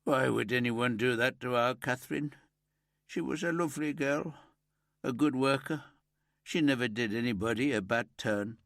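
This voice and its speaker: A man's voice: medium pitch, normal speed, gravelly, fairly bright tone, dry recording, clean studio sound, pitched above the performer's own voice. A man voicing a frail, grieving father who speaks with strained anger. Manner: strained, angry then cracking.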